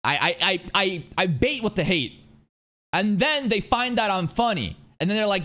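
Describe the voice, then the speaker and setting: A man giving casual reaction commentary into a studio dynamic mic, animated and profane, often jumping into high mocking voices. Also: moderate pace. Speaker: reaction streamer.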